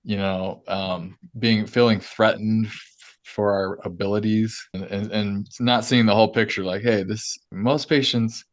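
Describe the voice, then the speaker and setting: A man's voice: lowish voice, fairly even intonation, no room sound. A male oral surgeon hosting a podcast, speaking in an earnest, agreeable way. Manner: earnest, agreeable, quick affirmations. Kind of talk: conversational podcast interview.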